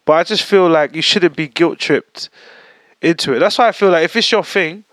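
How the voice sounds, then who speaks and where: Chill young guy rambling, kinda high voice, dry close mic. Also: normal speed, a bit bright, no echo. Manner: laid-back, rambling, says "like" a lot. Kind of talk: casual chat.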